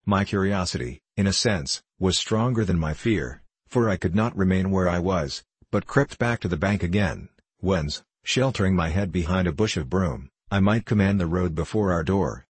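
A man narrating a storybook in a measured, steady reading. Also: low voice, slightly rough, no echo. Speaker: audiobook narrator.

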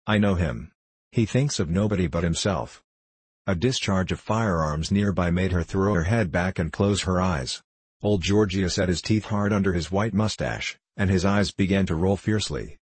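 Man, very low voice, husky, dry close sound, measured audiobook reading. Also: no room sound. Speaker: audiobook narrator. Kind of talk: scripted narration of a classic novel.

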